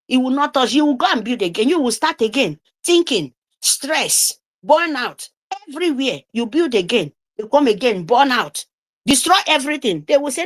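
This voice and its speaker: A middle-aged woman delivers a fiery, scolding speech on a live audio call. Her voice sits fairly high and swings widely in pitch as she hammers each point home over and over. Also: sing-song, normal speed. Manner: scolding, repetitive, emphatic. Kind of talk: impassioned speech.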